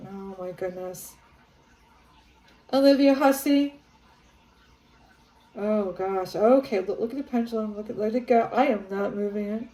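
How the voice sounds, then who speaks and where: Slow, hesitant woman psychic vlogger. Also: mid-range voice, reverberant, poor audio. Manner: rambling, hesitant, with many fillers; grows excited and awed while channeling. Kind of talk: casual spirit-channeling vlog. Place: her home, near living room and kitchen.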